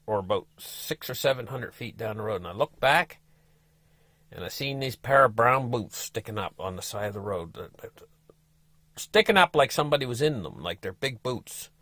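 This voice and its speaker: A man's voice: medium pitch, very animated, moderate pace, fairly bright tone, dry recording. A man who is a travel vlogger, telling a story in a casual, folksy, rambling way with restarts and asides to the viewers.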